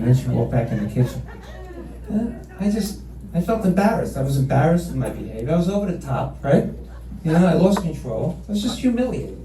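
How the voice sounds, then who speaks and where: A male stand-up comedian telling a story on a club stage, with animated, mock-outraged ranting. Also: a little high, brisk, a little hiss or hum. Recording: roomy club sound from a distant mic, crowd laughing.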